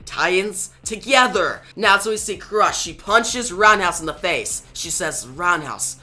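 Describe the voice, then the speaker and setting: A man's voice: high-pitched, unhurried, bright, forceful tone, soft background music. A man retelling a comic book issue in a loose, casual way, starting most lines with "now". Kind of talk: casual comic recap narration.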